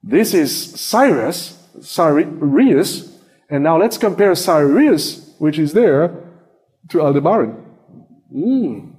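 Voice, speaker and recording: A man preaching a sermon with slides, firing rhetorical questions at the congregation and swinging between loud exclaiming and hushed low tones. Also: expressive, slow pace, breathy edge. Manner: emphatic, asks the congregation many rhetorical questions.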